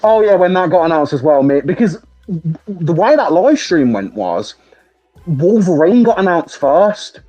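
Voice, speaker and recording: British man, podcast host, excitable, sweary, mellow dark tone, dull lo-fi sound. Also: fairly high pitch, a little slow, soft background music. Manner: excitable, laughs often, sweary storytelling. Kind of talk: casual chat.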